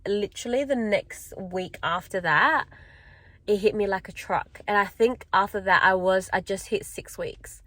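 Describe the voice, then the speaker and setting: A woman's voice: mid-range voice, measured pace, a bit bright. A young woman talking casually to a handheld camera, rambling and chatty, full of "like" and "um". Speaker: vlogger.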